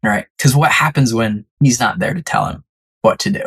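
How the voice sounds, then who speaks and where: Podcast guest, conversational storytelling, animated, acts out quotes, mid-range pitch. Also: moderate pace, breathy edge.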